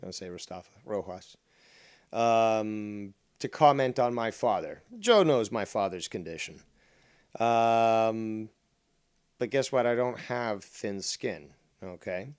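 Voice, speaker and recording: A man's voice: fairly low pitch, animated, slow, a little mellow, clean tone, no room sound, clean studio sound. A man hosting a drama commentary show, combative and profane as he mocks a rival's clip.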